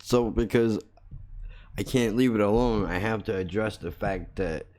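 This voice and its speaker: Speaking a little slowly in a low, darkish voice, this man hosts a podcast and spins a story with heavy swearing and blunt, casual humor. He mocks himself throughout and laughs at his own jokes.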